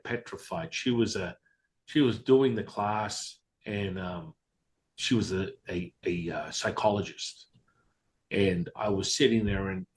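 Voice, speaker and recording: A man speaking as a guest in a relaxed interview. His voice sits at an ordinary middle pitch. He talks bluntly and candidly, slipping into voices when he quotes people. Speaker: Taoist teacher, interview guest. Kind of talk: casual storytelling interview.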